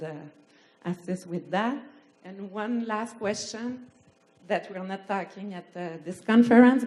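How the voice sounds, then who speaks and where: A woman who works as a nurse and outreach worker, asking a halting question at a conference in a slightly shaky voice. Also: medium pitch, dark tone. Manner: halting, many fillers, nervous.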